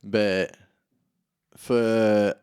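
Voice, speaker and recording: A man's voice: on the low side, level tone, drawn-out words, darkish tone, smooth. An Australian man in his thirties hosting a podcast, chatting casually in a crude, joking way and laughing often. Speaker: podcast host.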